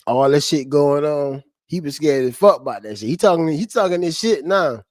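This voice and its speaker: A man streams live to his chat in a dry, close voice. He reads court quotes plainly, then jumps into excited, profane slang commentary that climbs in pitch. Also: moderate pace, no room sound. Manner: slangy, profane, animated, laughing between readings; flat reading voice for court quotes. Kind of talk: casual livestream commentary.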